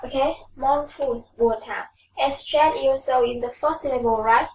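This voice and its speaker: A woman with a Vietnamese accent teaching English vocabulary in a classroom, repeating each word slowly for pronunciation. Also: high voice, darkish tone, roomy sound, distant mic, a little hiss or hum, poor audio. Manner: slow, drilling words with repeated pronunciation.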